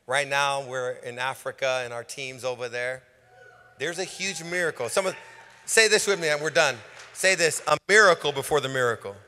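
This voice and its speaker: A man's voice: medium pitch, pushed and bright. A male pastor preaching a rousing sermon with call-and-response, recorded on a stage microphone in a church sanctuary. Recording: long reverb of a church hall.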